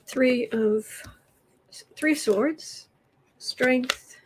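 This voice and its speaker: On a low-quality recording, a woman with a high-pitched, husky voice hosts a political tarot livestream. Sarcastic and relaxed, she laughs often and speaks haltingly, restarting her sentences.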